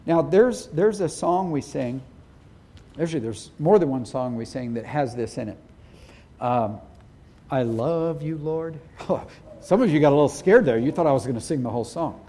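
A man's voice: fairly high pitch, lively intonation, a little fast, warm tone. A middle-aged man preaching a sermon as pastor, speaking earnestly and with emphasis.

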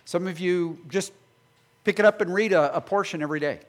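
A male pastor preaching a sermon, animated and acting out imagined voices of his listeners. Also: sits high, a little fast.

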